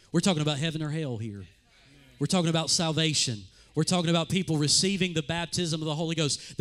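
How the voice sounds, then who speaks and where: A man preaching a sermon as pastor in a church, with impassioned, repetitive phrasing that swings between loud declarations and hushed appeals. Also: a little high. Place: church sanctuary.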